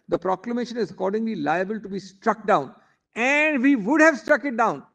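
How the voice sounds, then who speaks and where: Man, Indian English accent, senior advocate, high voice, formal emphatic courtroom argument. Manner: formal and emphatic, often addressing the bench as my lords.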